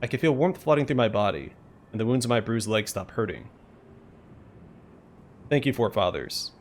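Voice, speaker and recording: A man's voice: mid-range voice, expressive, fast, a little hiss or hum. A man hosting a let's play, expressively reading the game's story text aloud.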